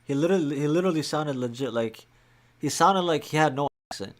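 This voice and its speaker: A man's voice: on the high side, quick pace. Casual man reacting to rap battle. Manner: relaxed, chatty, many "like" fillers. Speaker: reaction channel host. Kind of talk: casual commentary.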